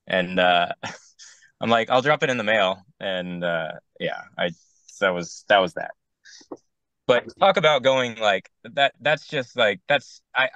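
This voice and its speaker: A man with a lowish voice tells a rambling, exasperated story from a wedding gig. His tone is bright and forceful, recorded close and dry with no room sound. He slips in and out of quoted voices as he talks. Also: dry recording, highs cut off. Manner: rambling and exasperated, acting out both sides of conversations. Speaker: wedding DJ on a panel show. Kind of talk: casual storytelling on a round-table podcast.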